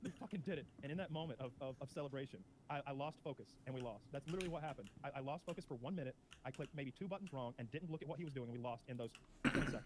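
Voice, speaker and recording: A man co-hosting a casual chat, telling a story quickly and swearing freely. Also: mid-range voice, heavy background noise. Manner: fast, animated, swears freely. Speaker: podcast co-host.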